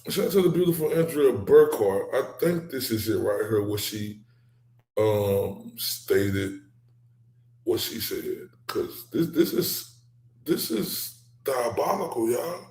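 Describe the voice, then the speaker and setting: A man's voice: medium pitch, lively intonation, slow, a little mellow, roomy sound, poor audio. A man, reacting to clips in casual, blunt and profane commentary as a show host.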